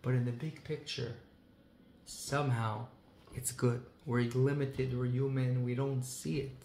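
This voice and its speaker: A man's voice: mid-range voice, level tone, unhurried, darkish tone. A man in a middle register telling a story with feeling, his voice leaning hard on key words and mixing in Hebrew and Yiddish phrases. The room rings around him with a roomy echo. A faint hum of ambience sits underneath. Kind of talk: heartfelt storytelling talk.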